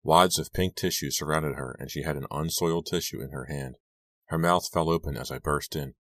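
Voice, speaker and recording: A man reading a young-adult horror novel aloud, in a steady, measured manner. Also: extremely low pitch, no echo. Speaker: audiobook narrator. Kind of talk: scripted narration.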